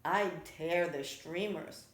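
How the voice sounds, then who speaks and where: A jumpy storybook rabbit who does everything too fast, voiced by a woman. Eager and loud, close to her own voice. An echoey room surrounds it. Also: lowish voice.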